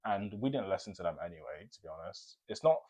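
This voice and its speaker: Low-voiced young man ranting about flatmates. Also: fast. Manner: animated, ranting with laughter. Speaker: co-host. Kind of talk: casual storytime chat.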